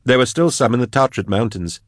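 A man voicing a prickly, defensive older male biologist in an audiobook, talking quickly and indignantly. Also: expressive, no room sound, clean studio sound, natural voice. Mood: assertive. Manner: indignant, quick, higher pitched. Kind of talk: audiobook narration.

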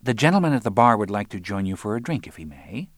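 A man's voice: on the low side, sing-song, quick pace, no echo, studio quality, voice pushed up. A man voicing a courteous restaurant waiter in an audiobook. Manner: formal, courteous. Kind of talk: audiobook narration.

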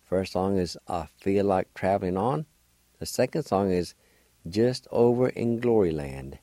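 Male radio language teacher, very slow and patient, mellow low voice, dry studio sound. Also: expressive, dry recording. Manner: patient, spells words out letter by letter; sounds out syllables slowly and repeats them.

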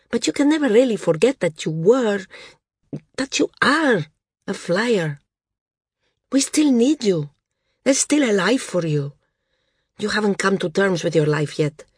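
A woman's voice: medium pitch, lively intonation, a little slow, pauses often, slightly rough, no echo, clean studio sound. A woman reading the part of a loyal woman flyer urging her friend to come back, in an audiobook. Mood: firm. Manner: earnest, persuasive.

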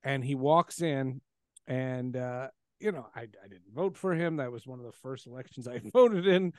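A man in casual conversation, telling a lively story and laughing often. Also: medium pitch, moderate pace, no echo, clean studio sound.

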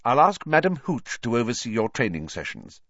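A man's voice: medium pitch, very animated, normal speed, a bit bright, no echo, pitched above the performer's own voice. Man voicing stern older female teacher, serious, clipped, dry dull recording.

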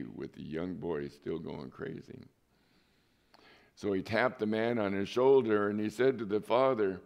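A man preaching a sermon as pastor. He tells a story in a relaxed, conversational way, with asides to his listeners. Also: fairly low pitch, a little slow, creaky, highs cut off. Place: church.

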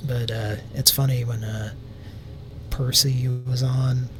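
A man's voice: flat delivery, takes it slowly. A man with a Southern US accent hosting a live prank call show, rambling casually and swearing freely. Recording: noisy background rumble.

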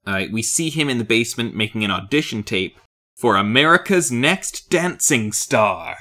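A man's voice: mid-range voice, normal speed. A man co-hosting a casual podcast about a film, talking in a wry, joking way. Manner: lively, wry, deadpan jokes. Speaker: podcast co-host.

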